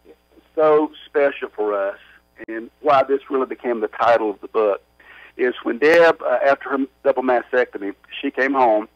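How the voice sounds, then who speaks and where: Earnest halting man on muffled radio. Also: medium pitch, dry recording. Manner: earnest, halting, with many restarts. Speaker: author and guest. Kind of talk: storytelling in a radio interview.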